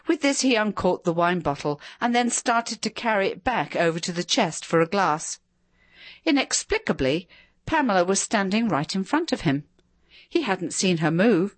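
A woman reading a story aloud with a dramatic, expressive delivery. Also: medium pitch, moderate pace, dry recording.

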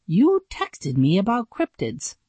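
A woman voicing an excitable young boy who blurts panicky exclamations in a storybook reading. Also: mid-range voice, slow, slightly rough, dry recording, heavily acted. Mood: hushed.

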